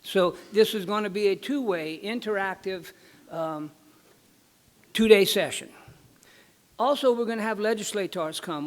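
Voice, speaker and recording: Folksy man presenting at a conference. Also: high voice. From Louisiana. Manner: folksy, joke-telling, repeats words. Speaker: regulatory board presenter.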